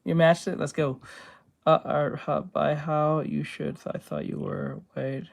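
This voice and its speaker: High-voiced man chatting on stream. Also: little pitch movement, a little slow, creaky. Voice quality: naturally high-pitched voice. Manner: loose and chatty, swears freely, many fillers. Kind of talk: casual live-stream chat.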